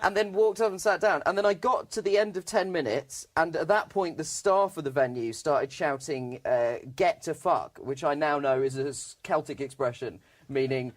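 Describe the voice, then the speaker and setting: A male comedian with a high voice spins an animated comic anecdote on a panel show. He talks in quick bursts and drives each punchline home. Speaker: stand-up comedian guest.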